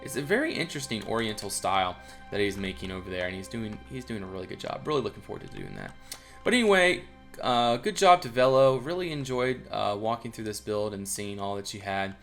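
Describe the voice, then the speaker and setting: A man's voice: on the low side, sing-song, quick pace, gravelly, fairly bright tone, faint music behind. A young man casually commenting on a video game build, rambling with many fillers and restarts. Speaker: build reviewer.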